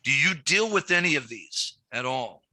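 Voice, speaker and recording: A man's voice: on the high side, normal speed, no echo. A middle-aged man teaching a banking class, telling stories and acting out what people said. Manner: animated storyteller, acts out quotes. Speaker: banking trainer. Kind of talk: live training session.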